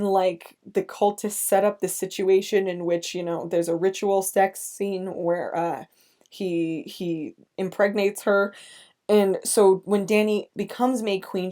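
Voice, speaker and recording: Recapping a film casually on her podcast, the young host grows emotional, stopping and restarting with nervous laughter. Her voice is mellow and sits on the low side.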